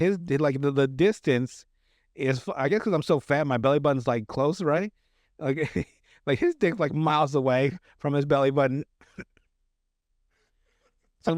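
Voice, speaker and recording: In a dry, studio-quality recording, a mid-range-voiced podcast host gives a casual recap of a TV episode. He rambles, frequently laughing, restarting, and filling gaps with fillers.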